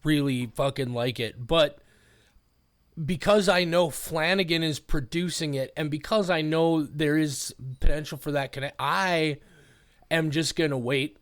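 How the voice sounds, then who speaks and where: A man's voice: a little high, unhurried, dry recording, studio quality. A man hosting a casual podcast, talking emotionally and profanely, rambling with restarts. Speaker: podcast host.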